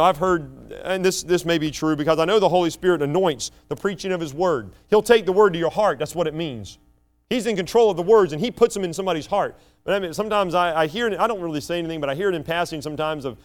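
A male pastor teaching through a Bible passage with emphatic, rising stresses and quieter asides. His voice sits a little high for a man. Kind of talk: sermon.

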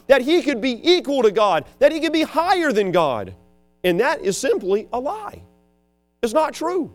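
Emphatic preacher man with swooping pitch. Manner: dramatic, emphatic, swings between loud and hushed, acts out quotes. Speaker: preacher and school teacher. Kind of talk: sermon.

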